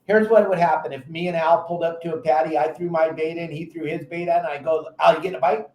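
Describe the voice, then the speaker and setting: A man hosting a fishing talk show, giving casual advice as an animated storyteller who acts out frantic quotes. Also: fairly high pitch, quick pace, roomy sound. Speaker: podcast host and fishing captain.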